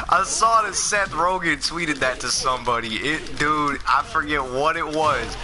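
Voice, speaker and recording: A young man casually commenting on a fighting game as he streams it, excitable and quick to swear and laugh. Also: a little high, over music. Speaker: gaming streamer.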